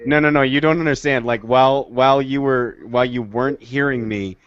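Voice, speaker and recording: A man's voice: medium pitch, steady tone, fairly quick, fairly bright tone, clean tone, no echo, highs cut off. A man in casual podcast banter, indignant and profane, talking over an online voice call. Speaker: podcast co-host.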